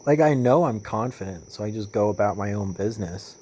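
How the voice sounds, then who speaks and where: A young man talking in a casual vlog monologue, rambling with lots of fillers and swearing, getting animated as he retells stories. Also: fairly low pitch, a little fast, a little hiss or hum. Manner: rambling, profane, with many fillers and restarts. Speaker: vlogger.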